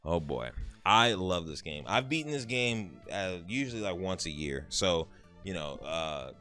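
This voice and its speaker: A man in his thirties chatting casually about games he beat, telling stories in an animated way with some swearing. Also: deep voice, soft background music. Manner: animated storytelling, swearing, quick asides. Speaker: gaming YouTuber. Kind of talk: casual game review chat.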